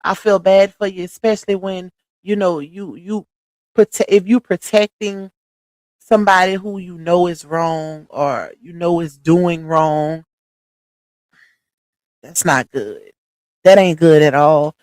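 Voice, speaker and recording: A middle-aged woman hosting a casual livestream, preachy and animated, talking in a slangy, familiar way to her viewers. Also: on the low side, slow, pauses often, dry recording. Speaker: livestream host. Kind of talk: casual live-stream chat.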